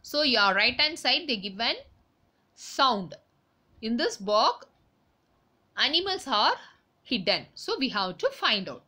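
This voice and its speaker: Bright, lively female teacher, slow and sing-song. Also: high-pitched. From India. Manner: slow and sing-song, spells words letter by letter, calls students dears. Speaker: school teacher. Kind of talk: recorded class lesson.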